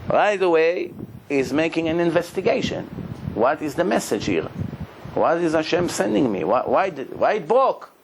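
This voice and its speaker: A man's voice: a little high, normal speed, creaky, noisy background. A man, a rabbi telling stories in a sermon, acting out the people in them and laughing often. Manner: animated storyteller, acts out the people in his stories, laughs often. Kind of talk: sermon storytelling.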